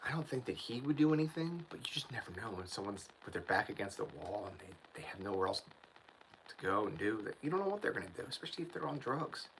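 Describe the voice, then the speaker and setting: A man's voice: lowish voice, very animated, fast, a bit bright, slight background noise, poor audio. A man hosting his channel, telling a story in a casual livestream chat, ranting and often saying "dude" and "man". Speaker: channel host.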